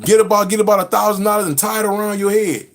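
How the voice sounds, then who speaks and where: Man with a high voice reading old mystic text, then preaching hard, swears a lot, repeats himself. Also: fast, faint music behind. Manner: emphatic, repetitive, profane. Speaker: spiritual teacher.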